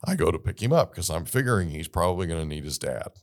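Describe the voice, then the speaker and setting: A middle-aged man hosting an interview, telling a lively story and acting out the dialogue. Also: sits low, fast. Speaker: podcast host.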